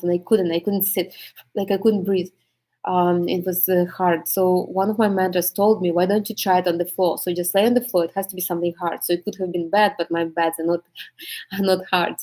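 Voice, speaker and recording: A woman coach talking in a casual monologue, reflective and reassuring, with many pauses and fillers. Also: fairly low pitch, dark tone, poor audio. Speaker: energy coach.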